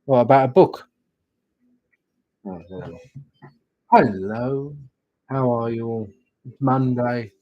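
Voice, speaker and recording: A man's voice: medium pitch, slow pace, pauses often, highs cut off. A man, hosting a casual live stream, chatting and rambling as he greets viewers. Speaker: livestream host, witch doing readings.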